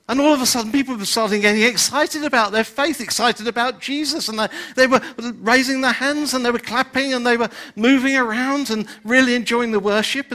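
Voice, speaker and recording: A man's voice: extremely high pitch, a little fast, hardly any pauses, bright, forceful tone. An older man, preaching a sermon in a conversational way and often saying "you know". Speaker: pastor.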